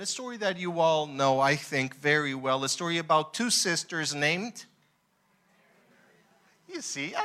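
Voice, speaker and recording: Bright-voiced, animated male pastor. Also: sits high. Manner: animated, emphatic preaching. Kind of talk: sermon.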